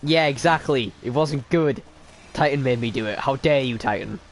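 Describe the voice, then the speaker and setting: A man streams himself playing a game, giving laid-back commentary in a medium-pitched voice at a moderate pace, with slight background noise. He makes fun of himself and speaks to viewers by name.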